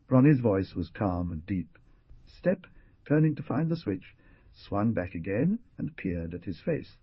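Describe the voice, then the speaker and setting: Husky, expressive male audiobook narrator. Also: fairly low pitch, a little slow, no room sound. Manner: expressive, theatrical. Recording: dull lo-fi recording, dry.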